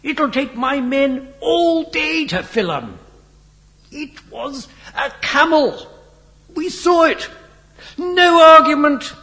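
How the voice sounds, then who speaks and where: A man voicing a blustering, angry squadron major who barks and shouts. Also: extremely high pitch, expressive, slow pace, big-room sound, voice pushed up, full character voice. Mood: furious. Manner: barking, shouting furiously.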